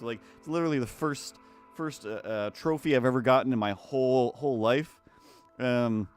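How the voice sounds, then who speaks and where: A man's voice: mid-range voice, moderate pace, soft background music. A man rambling casually as he draws on a live stream, self-deprecating and loose, full of fillers and restarts. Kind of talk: casual rambling chat while drawing.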